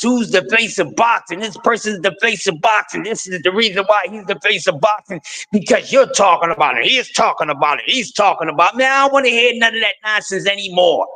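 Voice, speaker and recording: A man's voice: high-pitched, pushed and bright, big-room sound. A man hosting a live stream, ranting and teasing his audience in a playful, repetitive way. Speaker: host. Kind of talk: animated live-stream boxing talk.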